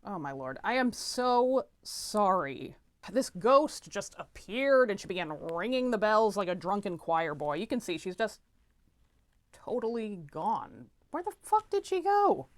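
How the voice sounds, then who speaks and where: A woman playing a flustered, bookish young gentleman. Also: medium pitch, very animated, unhurried, no echo. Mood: exasperated. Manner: prim, exasperated, stammering. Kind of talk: comedic audio drama.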